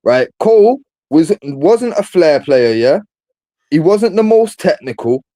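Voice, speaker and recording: A man's voice: on the high side, big pitch swings, a little slow, dark tone, no echo. Emphatic man arguing football. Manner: emphatic, argumentative, says bro a lot. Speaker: football podcast host. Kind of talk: casual debate.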